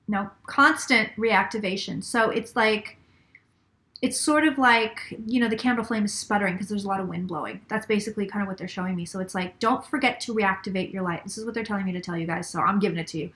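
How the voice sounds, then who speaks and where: A middle-aged woman channels a psychic reading, passing along messages in repeated phrases and at times sinking to a whisper. Her voice sits at a medium pitch, bright and forceful in tone.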